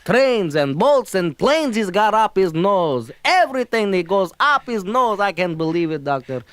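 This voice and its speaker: A man's voice: high-pitched, big pitch swings, normal speed, fairly bright tone, clean tone, no room sound. A man playing a fretful immigrant father with a Yiddish-inflected accent in a comedy album sketch, rambling and pleading. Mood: exasperated. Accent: Yiddish-inflected English.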